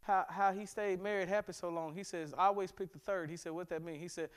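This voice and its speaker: A man, a pastor from America, preaching a sermon in a church, animated and humorous, with sudden bursts of emphasis. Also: high voice, fast, clean tone. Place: church sanctuary.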